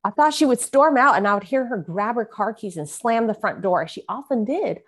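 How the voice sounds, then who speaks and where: A woman's voice: a little high, animated, fairly quick, fairly bright tone. A woman guest reading an excerpt of her memoir aloud and talking about it, with earnest, vivid storytelling. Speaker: guest author. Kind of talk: memoir reading and interview chat.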